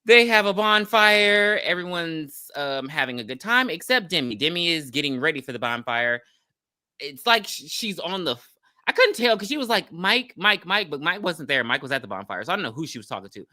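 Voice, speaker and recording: A woman co-hosting a podcast, recapping a horror movie in casual chat, animated and blunt with frequent ums. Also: low-pitched, brisk, no room sound, studio quality. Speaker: podcast co-host.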